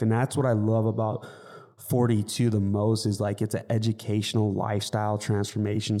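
A man's voice: fairly low pitch, mellow. A man co-hosting a fitness podcast, talking earnestly in a casual, rambling way with many restarts. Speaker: fitness coach, podcast co-host.

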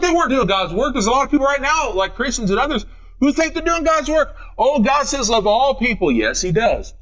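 A male pastor delivering a sermon in a fairly high voice. His pitch leaps around animatedly as he drives points home through repetition. He swings between loud declarations and quiet asides. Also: low-quality recording. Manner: emphatic preaching with heavy repetition, swinging between loud and hushed. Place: church.

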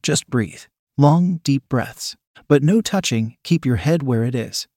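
A man voicing a calm, commanding young woman who speaks in a hushed, smug, controlling way in a storybook reading. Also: mid-range voice, measured pace, no echo, clean studio sound.

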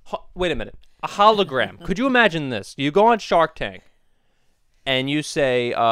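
A young man talking in an animated, joking way, full of swearing and mock outrage. His pitch is a little high and jumps all over. The recording is dry and close. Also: normal speed, clean tone, no echo. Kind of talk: casual comic chat.

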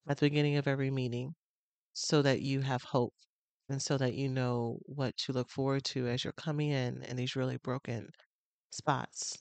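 A woman hosting her own podcast as a love addiction coach, talking casually and with emotion, with pauses as she gathers herself. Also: extremely low pitch, darkish tone, dry recording. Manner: emotional, pausing, heartfelt. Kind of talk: casual personal podcast talk. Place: on location on a trip.

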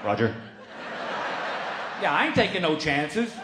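Male comic, high swooping voice, roomy live room with crowd noise, middle-aged, animated shouting storyteller. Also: unhurried. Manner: animated, breaks into shouts and laughs at his own story. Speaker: stand-up comedian. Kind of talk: stand-up storytelling.

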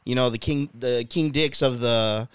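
A man's voice: medium pitch, normal speed, smooth, no room sound, studio quality. Playful, laughing podcast host man. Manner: playful, laughs often, swears casually. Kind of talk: casual chat.

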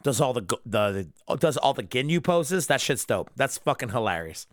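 A man's voice: mid-range voice, sing-song, moderate pace, no room sound. A drunk man ranting alone about an episode he disliked, angry and full of swearing. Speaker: anime reviewer. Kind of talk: solo episode review rant.

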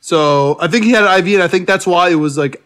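A young man chatting casually about sports picks. His voice is high and bright for a man. He talks in loose, rambling runs full of fillers and laughs often. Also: fast. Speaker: podcast co-host.

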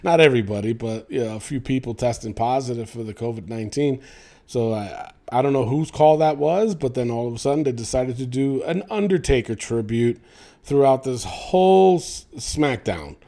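A man hosting a solo wrestling podcast, opinionated and animated, with lots of fillers and some swearing. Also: medium pitch, normal speed. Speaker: podcast host.

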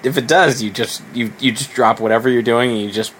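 A man's voice: mid-range voice, steady tone, fairly quick, fairly bright tone, slight background noise. A man co-hosting a casual podcast, joking around with stammered restarts. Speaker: podcast co-host.

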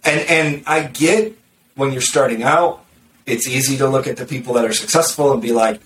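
A blunt, sarcastic man talks marketing in a loose podcast chat, tripping over quick restarts. He sounds set back from the mic in a roomy space. A faint background noise sits under his voice. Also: medium pitch, fairly bright tone, distant mic. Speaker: marketer discussing content strategy. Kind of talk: casual podcast conversation.

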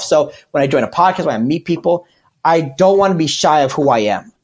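Earnest rambling comedian, slightly high voice. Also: male voice, brisk. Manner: rambling, earnest, with many restarts. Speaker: stand-up comedian, podcast guest. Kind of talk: candid casual chat.

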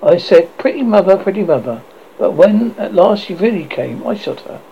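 A reader voicing an earnest, guilty young boy in a storybook, his voice pitched up and shaky, in a dull lo-fi recording. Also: sing-song, normal speed, vocal fry, slight background noise. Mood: remorseful.

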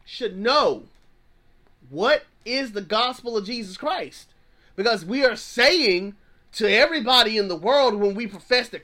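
Male pastor, thirties, fervent preacher, bright tenor voice, repeats himself for emphasis. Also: high-pitched. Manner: fervent, repeats phrases, plain-spoken slang. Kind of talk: preaching sermon.

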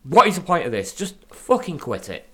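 A man's voice: a little high, huge pitch swings, a little fast, a bit bright, husky. A British man co-hosting a wrestling podcast in casual chat, ranting and swearing freely. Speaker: podcast co-host.

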